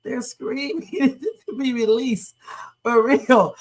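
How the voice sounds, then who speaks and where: A woman's voice: high-pitched, fairly even intonation, slow pace. A woman hosting a livestream and reacting to viral videos in casual, slangy, profane chat, laughing often. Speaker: livestream host. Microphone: streaming setup.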